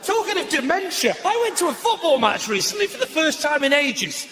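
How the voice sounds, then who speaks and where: A man doing stand-up comedy, ranting and slipping into shouted voices for his bits. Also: very high voice, big pitch swings, a little fast, a faint crowd. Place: live comedy venue with audience laughter. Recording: noisy live stage recording.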